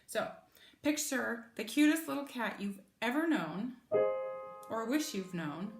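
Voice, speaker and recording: A woman's voice: a little high, expressive, a little slow. Woman, singing teacher, patient, encouraging, echoey room, music playing. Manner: patient, encouraging, demonstrates with sung vowels and cat meows. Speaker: choir voice teacher. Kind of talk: vocal lesson with sung demonstrations.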